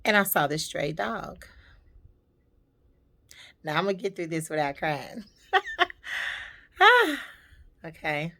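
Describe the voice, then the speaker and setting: A woman's voice: fairly low pitch, huge pitch swings, slow, gravelly, pauses often, sharp tone. A woman vlogger telling a personal story in a heartfelt, reflective and emotional way.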